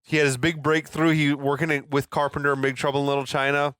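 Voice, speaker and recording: A man co-hosting a podcast, talking about films in a relaxed, laid-back way, swearing casually and trailing off with like. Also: a little high, quick pace, clean tone, dry recording, clean studio sound. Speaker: podcast co-host. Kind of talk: casual movie chat.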